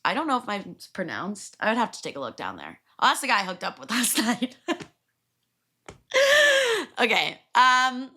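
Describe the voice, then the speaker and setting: A young woman hosting a podcast, talking casually and crudely with quick asides and frequent laughs. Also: mid-range voice. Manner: chatty and crude, laughs often, lively asides. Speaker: podcast host. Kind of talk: casual solo podcast chat.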